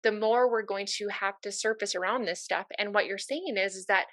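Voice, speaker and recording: Brief: woman therapist guest, bright tone, earnest chatty delivery, dry close sound. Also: medium pitch, fairly quick, no echo. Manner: earnest, conversational, uses fillers like "you know". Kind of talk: casual conversation.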